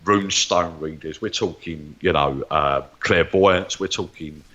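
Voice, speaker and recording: A man's voice: rumbling low, a little slow, bright, forceful tone, highs cut off. A man, a guest psychic medium, telling stories animatedly and acting out the voices of the people he quotes. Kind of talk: storytelling interview chat.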